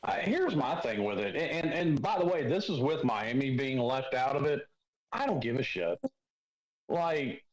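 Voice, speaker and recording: A man's voice: medium pitch, expressive, moderate pace, reverberant, low-quality recording. Blunt sarcastic man on a podcast. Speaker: podcast co-host. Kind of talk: casual sports talk.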